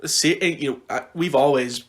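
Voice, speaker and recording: A young man co-hosting a podcast, chatting casually in an animated way, rambling with frequent restarts. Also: on the high side, moderate pace. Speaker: podcast co-host. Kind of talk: casual chat.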